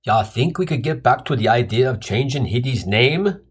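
A husky, gruff big brawny guy, blunt and dismissive, as a comic storyteller puts him on. His voice is lowered a little from the narrator's own and swings around within a line. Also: lively intonation, normal speed. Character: big brawny irritated grown man.

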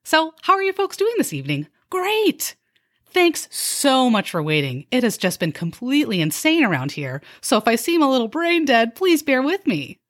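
A woman playing a chirpy, sarcastic young restaurant server who mixes bubbly upselling patter with deadpan jabs. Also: high-pitched, moderate pace, voice pushed up. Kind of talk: comedy skit.

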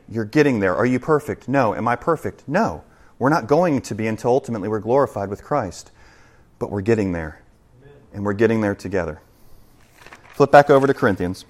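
Emphatic male pastor preaching. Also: medium pitch. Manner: emphatic, swings between loud and hushed. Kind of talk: sermon. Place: church.

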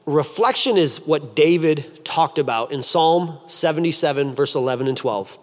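A man gives a sermon as a pastor, in a voice a little higher than most men's. He tells his stories with energy and acts out the other people's lines. His voice rings out with a long reverb, as in a big church hall. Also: moderate pace. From United States. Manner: animated storytelling, acts out voices.

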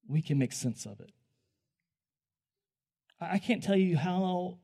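A young man giving a conversational sermon, animated and joking, often restarting his sentences. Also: a little high. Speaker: preacher.

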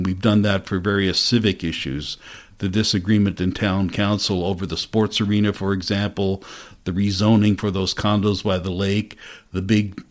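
A man reading a soft-spoken woman librarian. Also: fairly low pitch, close to an everyday voice. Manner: soft, confidential tones. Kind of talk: audiobook character reading.

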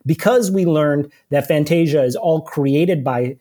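A man's voice: on the high side, unhurried, warm tone. A man chatting casually on a podcast about a film, rambling with frequent restarts and repeated words. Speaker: podcast co-host. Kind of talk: casual chat.

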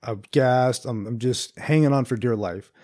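A man's voice: medium pitch, normal speed, dark tone. A man guest on a podcast, chatting casually and rambling through stories, saying "dude" and "like" a lot. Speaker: podcast guest, jiu-jitsu competitor. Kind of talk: casual chat.

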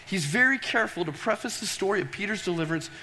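A high-voiced man preaching with animated storytelling, often pausing to throw questions to the congregation. His voice carries a long reverberant tail from a large church hall. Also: slight background noise. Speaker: pastor. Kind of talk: sermon.

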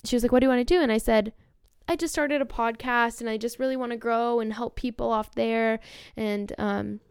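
Young female podcast host, casual and earnest storyteller, slightly high with vocal fry, dry close mic. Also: normal speed, no room sound. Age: young adult. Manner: chatty, heavy use of "like", earnest and excited.

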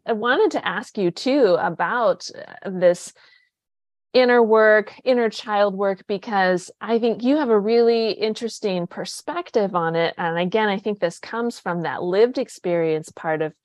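A woman hosts a casual interview podcast, chatty and enthusiastic and often restarting her sentences. Her medium-pitched voice is captured cleanly in a studio with no room sound.

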